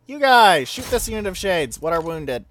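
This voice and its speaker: A man giving casual, excitable commentary over his own gameplay, swearing freely and breaking into silly sing-song chants. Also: a little high, moderate pace. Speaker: video game let's play host. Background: game music.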